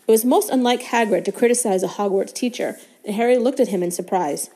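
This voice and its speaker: A woman's voice: fairly high pitch, quick pace, few pauses, mellow, husky. Woman reading a storybook aloud. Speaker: guest reader. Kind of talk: reading a children's novel aloud.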